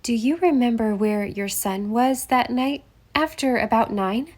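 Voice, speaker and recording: A woman's voice: on the high side, a little slow, darkish tone. Woman voicing a polite young sleuth. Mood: probing. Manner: politely persistent questioning. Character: young woman amateur detective, polite and probing. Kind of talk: audiobook character voice.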